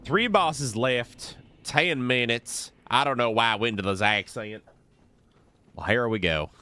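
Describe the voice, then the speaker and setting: A man's voice: mid-range voice, measured pace, pushed and bright, clean tone. A man streaming a game live, chatting casually to his viewers as he plays. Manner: casual, chatty, talks to chat. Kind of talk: live gameplay commentary.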